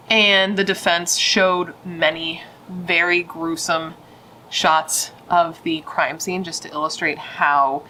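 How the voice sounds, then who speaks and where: A woman's voice: low-pitched, sharp tone, a little hiss or hum, rough recording. A woman hosting a true crime video, telling the case in a casual, chatty way with blunt, opinionated asides and lots of "like" fillers.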